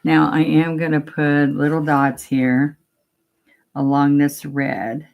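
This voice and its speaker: A woman's voice: low-pitched, level tone, slow, vocal fry. A woman teaching a painting demo, chatting casually step by step and talking to herself as she works. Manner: chatty, talks to herself while working, gently coaxing. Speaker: painting instructor.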